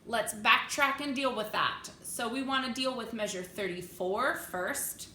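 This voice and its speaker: Brief: unhurried female choir teacher, slightly high voice, patient diction coaching, roomy echo with piano. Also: sharp tone, a little hiss or hum. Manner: counts in and sings phrases for the class to copy. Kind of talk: vocal lesson with sung demonstrations.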